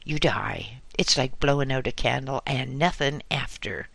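A man voicing a loud, blustering, gossiping old working-class woman who yells and scolds. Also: very deep voice, lively intonation, takes it slowly, no room sound, exaggerated voice. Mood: loud indignant. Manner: roaring, yelling, exasperated.

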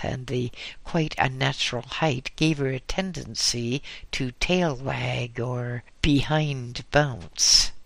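A man reading a story aloud in an unhurried, dry, wry manner. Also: mid-range voice, bright, forceful tone, dry recording. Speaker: narrator. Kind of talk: storybook narration.

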